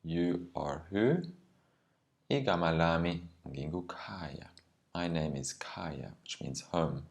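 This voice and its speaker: A man teaching a language lesson, explaining words carefully and sometimes slowing down to spell out meanings. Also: very deep voice, vocal fry. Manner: careful and explanatory, with some ums and slowed words.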